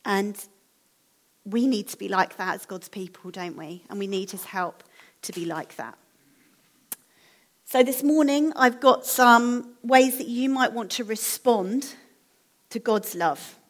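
A woman delivers a sermon to her church congregation in an earnest, encouraging tone. Her voice sits at an ordinary middle pitch for a woman. She speaks gently and appeals warmly to her listeners. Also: slow pace, pauses often. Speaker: preacher.

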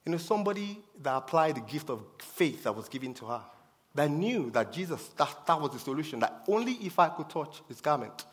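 Preacher, man, slightly high voice, insistent and repetitive, big church echo. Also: very animated, a little fast. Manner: emphatic, repeats key phrases. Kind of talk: sermon. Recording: long reverb of a hall.

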